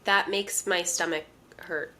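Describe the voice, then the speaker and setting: A woman in her late twenties, co-hosting a podcast and reacting to her friend's story in a casual, drawn-out way. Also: fairly low pitch, steady tone, bright, forceful tone. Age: late 20s. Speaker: podcast co-host. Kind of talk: casual chat.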